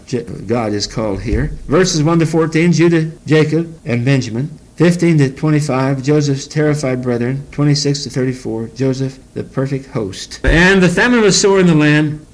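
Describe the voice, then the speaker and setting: A man's voice: medium pitch, poor audio. A man preaching a Bible teaching sermon in a folksy way, reading scripture aloud and explaining it with chuckles.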